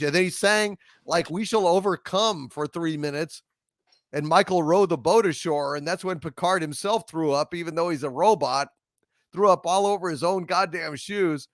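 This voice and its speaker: A man ranting with heavy profanity, shouting at times and mocking others in sarcastic quoted voices as a panel show host. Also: high-pitched, expressive, moderate pace, dry recording, studio quality. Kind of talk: angry ranting commentary.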